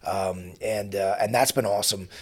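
A middle-aged man hosting an interview podcast, talking in a relaxed, halting way with many restarts. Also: fairly low pitch. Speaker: podcast host. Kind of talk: conversational interview.

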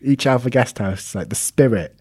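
A man's voice: mid-range voice, moderate pace, darkish tone, husky, no echo. A Welsh man co-hosting a podcast, cracking dry jokes in casual chat. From Wales. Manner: dry, joking.

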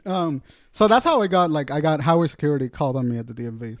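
Animated, foul-mouthed man telling a story. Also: on the high side, fast, a little hiss or hum. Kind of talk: casual storytelling chat.

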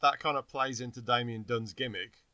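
A man's voice: mid-range voice, moderate pace, pushed and bright, dry recording. A wry, outspoken man co-hosting a casual chat podcast, laughing often. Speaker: podcast co-host.

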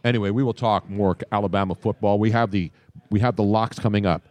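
An older man from South Philadelphia hosts a live sports radio show from a radio row booth at a live event, speaking casually and animatedly. His lowish voice moves quickly with no echo, and trained broadcaster diction sits over a slight South Philly accent.

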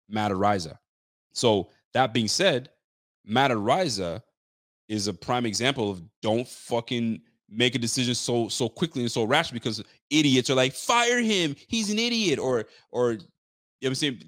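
Profane, fired-up sports podcast host. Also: male voice, on the low side, no room sound, studio quality. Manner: profane, animated rant with slang. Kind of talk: casual ranting commentary.

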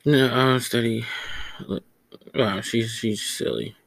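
A man's voice: mid-range voice, steady tone, slow, creaky, fairly bright tone, no room sound. Casual profane man, dry close sound. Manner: loose, profane, stumbling over words. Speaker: podcast host. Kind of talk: casual rambling monologue.

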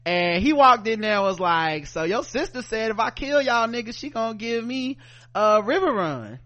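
A man's voice: high voice, animated, normal speed, sharp tone. A man co-hosting a podcast, recapping a show animatedly, laughing often and acting out the characters in slang. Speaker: podcast co-host.

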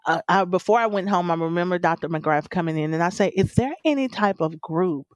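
A woman's voice: lowish voice, a little fast, no room sound. Woman guest telling her story, earnest and emotional, lots of ums and quotes, dry close sound. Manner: earnest, emotional retelling with many fillers and quoted dialogue. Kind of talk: personal storytelling interview.

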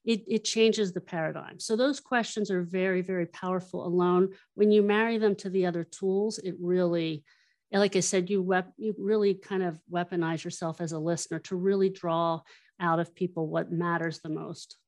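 A woman guest, a workshop trainer, explaining her methods and telling stories, acting out quoted lines in an animated way. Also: on the low side, moderate pace. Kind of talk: explanatory interview talk.

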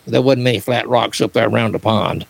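A man's voice: medium pitch, steady tone, fast talker, gravelly, rough recording. An older man, a paranormal researcher, rambling through personal stories with many fillers and restarts. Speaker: guest, author and paranormal researcher. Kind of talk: casual storytelling.

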